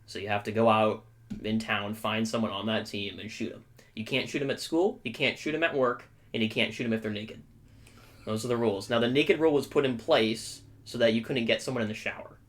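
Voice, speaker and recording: A young man co-hosting a podcast, telling a story in a casual, animated way with frequent check-ins to his listener. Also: lowish voice, a little fast. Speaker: podcast co-host.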